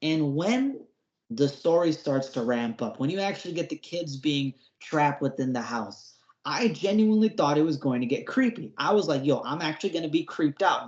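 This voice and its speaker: A man's voice: a little high, a little mellow. A man co-hosting a podcast, giving a casual, slangy review rant, exasperated and mocking. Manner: exasperated, slangy, mocking with put-on whiny voices. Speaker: podcast co-host reviewing horror episodes. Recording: roomy, dull lo-fi sound.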